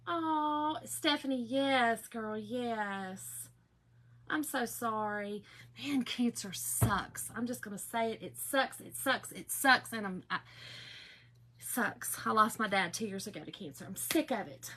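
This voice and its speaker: A woman's voice: on the high side, very animated, unhurried, sharp tone. Bubbly Southern woman hosting a craft livestream. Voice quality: bubbly, chatty, greets viewers by name. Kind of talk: casual live chat while crafting.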